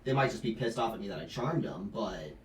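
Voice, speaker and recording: A man's voice: lowish voice, animated, a little fast, far from the mic, slight background noise. A man playing a tabletop game, eagerly asking about the rules. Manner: eager, asks rules questions. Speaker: player. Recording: echoey room, off-mic.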